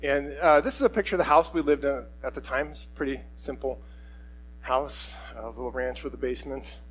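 A middle-aged man preaching a sermon, telling a personal story in a conversational, animated way. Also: medium pitch, brisk, low-quality recording. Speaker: pastor.

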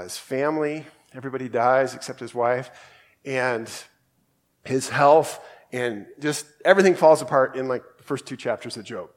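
A man from Australia giving a casual, conversational sermon and reading scripture aloud. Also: mid-range voice. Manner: conversational, acts out quoted voices, reads scripture aloud. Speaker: preacher.

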